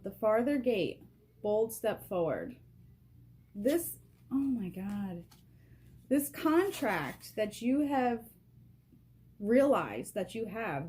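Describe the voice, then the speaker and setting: At a table indoors, a woman vlogger gives a casual spiritual card reading, excitable and emotional, laughing often. She speaks straight to the viewer through a camera propped on a box. Her voice is mid-range.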